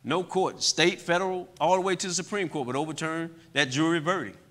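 A middle-aged man giving an impassioned testimony talk to a church audience, moving between loud outbursts and quiet, heavy moments. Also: a little high, fairly even intonation, a little fast. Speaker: guest speaker. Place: church hall.

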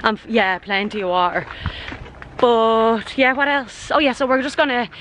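A woman's voice: a little high, moderate pace, a bit bright, a little hiss or hum, low-quality recording. A young woman with an Irish accent chatting casually as a travel vlogger, rambling with lots of fillers. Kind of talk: casual vlog chat. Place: outdoors on walks and indoors in a hotel.

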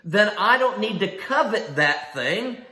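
A man's voice: high-pitched, lively intonation, unhurried, pushed and bright, roomy sound. A man preaching a sermon in an emphatic style, asking rhetorical questions and repeating key phrases. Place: church sanctuary.

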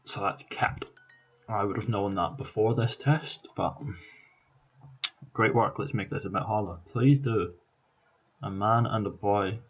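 A man's voice: lowish voice, unhurried, pauses often, slightly rough, muffled recording. A Scottish man in his twenties talking casually and swearing, thinking aloud with lots of ums, tired from staying up all night. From Scotland. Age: 20s. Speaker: YouTuber. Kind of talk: casual vlog commentary.

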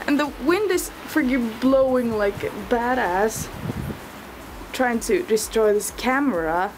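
A woman's voice: a little high, takes it slowly, noisy background. A young woman chatting casually to her camera at home, giggly and casually swearing. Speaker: vlogger. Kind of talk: casual chat. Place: home, indoors by a balcony door. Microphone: camera mic.

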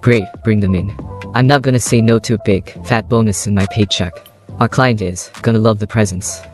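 A man voicing a gruff, demanding mercenary boss in a read story. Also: lowish voice, fairly even intonation, moderate pace, faint music behind, lightly acted. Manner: loud, demanding.

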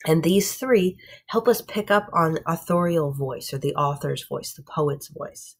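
Lecturing a middle school class, a woman patiently walks through everyday examples and follows every point with "okay?" or "right?" Her voice sits low with a breathy edge, and she speaks expressively and a little slowly.

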